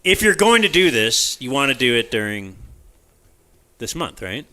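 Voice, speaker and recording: A man's voice: mid-range voice, big pitch swings, moderate pace, bright, forceful tone. A man co-hosting a radio show, teasing his co-host in casual, dry banter.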